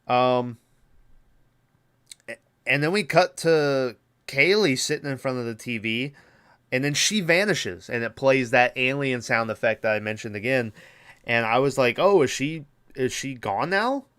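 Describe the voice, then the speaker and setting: A man's voice: mid-range voice, a little slow, long pauses, a bit bright, clean tone. A man hosting a podcast, recapping a horror movie in a casual, rambling way with lots of swearing and fillers. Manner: rambling, profane, many fillers. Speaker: podcast host.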